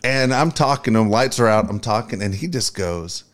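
A man's voice: mid-range voice, a little fast, heavy background noise. A middle-aged man from San Diego, co-hosting a studio podcast in casual chat, chiming in with questions and stories. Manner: laid-back banter, interjects questions. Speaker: podcast co-host.

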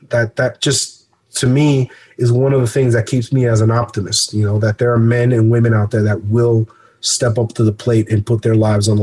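A former police officer recounting a rescue in halting, earnest personal testimony, pausing often mid-sentence. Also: male voice, mid-range voice, a little mellow, breathy edge.

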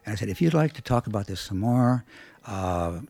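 A man telling an anecdote in a measured, hesitant way with frequent fillers. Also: on the low side, lively intonation, creaky, a little mellow, soft background music. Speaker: storyteller recounting a counseling encounter. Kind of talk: anecdotal storytelling.

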